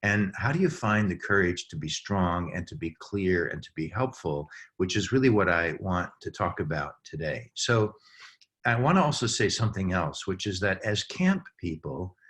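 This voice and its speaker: Low-voiced man, earnest webinar speaker on a video call, halting with fillers. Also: expressive. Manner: warm, earnest, many ums and uhs, chuckles. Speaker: webinar speaker for camp professionals. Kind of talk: heartfelt talk to an online audience.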